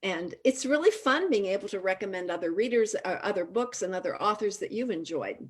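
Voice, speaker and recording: A woman hosting a casual chat over a video call, a lively, chatty storyteller. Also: mid-range voice, a little fast, breathy edge. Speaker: host.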